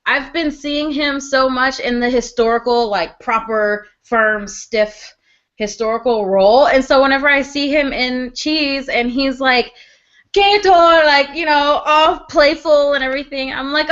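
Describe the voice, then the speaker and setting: A woman's voice: sits high, fairly bright tone, dull audio. A young woman reviewing a TV drama in casual chat, gushing and laughing as she acts out characters' lines.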